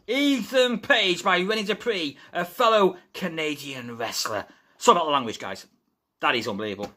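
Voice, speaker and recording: A man hosting a casual live stream of wrestling news, chatty and excitable, talking through a fever from a room at home. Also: on the high side. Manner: chatty and excitable, addresses viewers as guys.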